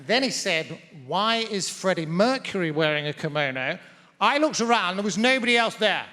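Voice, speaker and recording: A man's voice: high voice, background noise. A man doing stand-up comedy on a big theatre stage in a dry, wordy, mock-pompous manner. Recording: large reverberant theatre hall.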